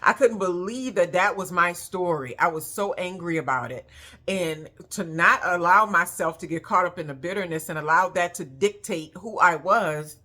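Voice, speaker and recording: A woman's voice: fairly low pitch, sharp tone. A woman vlogger talking earnestly about emotional release, reflective and encouraging. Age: adult with children. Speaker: spiritual vlogger. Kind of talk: casual heartfelt monologue.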